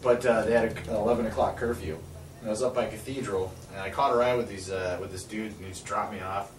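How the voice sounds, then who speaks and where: A man, telling a long, profane story in casual chat and acting out the quotes loudly. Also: on the low side, fairly even intonation, fast talker. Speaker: podcast host. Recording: echoey room, voice far from mic, faint background noise.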